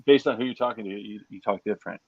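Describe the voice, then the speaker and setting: A man's voice: lowish voice, quick pace, no echo, muffled recording. A man joking and teasing his way through a casual online chat. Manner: joking, teasing, plays along with gags.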